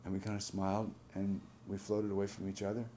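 A man in his sixties, a veteran, telling a personal memory in a halting, reflective, soft-spoken way. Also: deep voice, completely flat delivery, background noise. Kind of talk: personal testimony.

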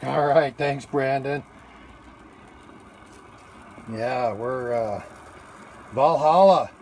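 A man chats casually into a phone held in one hand, standing outdoors at a grill. His talk rambles with fillers and restarts at a middling pitch. A faint outdoor hum sits behind him. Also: measured pace. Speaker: livestreamer taking a food challenge. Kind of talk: casual live-stream chat. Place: outdoors at a barbecue grill in the evening.

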